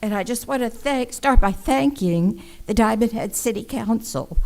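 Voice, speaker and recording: A woman's voice: on the high side, creaky, a little mellow, poor audio. Polite woman giving a prepared talk. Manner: measured, polite, organized. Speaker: nonprofit volunteer speaker. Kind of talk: prepared public presentation.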